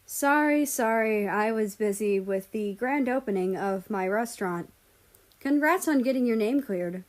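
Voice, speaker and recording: A woman's voice: fairly high pitch, lively intonation, a little slow. A woman doing a cheery Italian chef with an accent. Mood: friendly.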